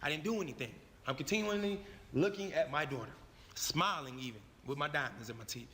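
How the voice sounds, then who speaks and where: A man's voice: a little high, fairly quick, pushed and bright, in a large hall, slight background noise. A man telling a personal story in a profane, emphatic way, repeating his phrases for effect. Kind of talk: animated storytelling.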